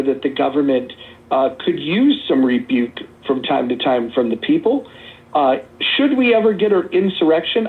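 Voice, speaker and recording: A man hosting a heated political talk show, blunt and emphatic, stumbling over repeated words. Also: fairly high pitch. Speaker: podcast host. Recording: tinny phone-like audio.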